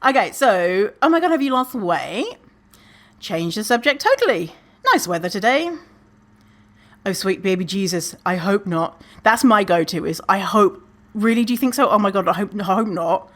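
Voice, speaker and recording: A woman's voice: mid-range voice, expressive, normal speed. A woman hosting a podcast, giving casual advice in a sassy, swearing way and acting out quoted lines. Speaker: podcast host.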